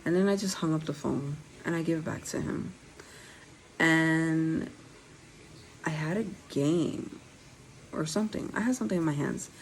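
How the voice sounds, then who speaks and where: In poor audio with slight background noise, a young woman with a low-pitched voice speaks at a moderate pace, pausing often. A vlogger with a slight lisp from dental aligners, she shares her own story frankly and conversationally, addressing viewers directly.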